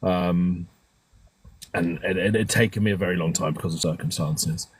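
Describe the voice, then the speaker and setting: A man, speaking in a very low, husky voice. He tells personal stories in a candid, emotional way, with casual swearing and frequent restarts. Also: moderate pace. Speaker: guest caller on a live stream.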